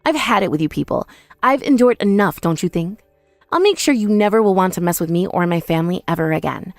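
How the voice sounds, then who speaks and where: A woman's voice: on the low side, expressive, fairly quick, dry recording. A young woman telling a first-person dramatized story in an indignant, accusing manner. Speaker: narrator and protagonist.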